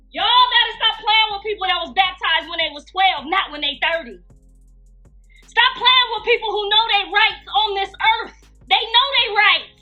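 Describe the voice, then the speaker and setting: A woman's voice: very high-pitched, sharp tone, poor audio. A woman hosting a live gossip stream, preaching emphatically and calling out to her listeners. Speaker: gossip channel host.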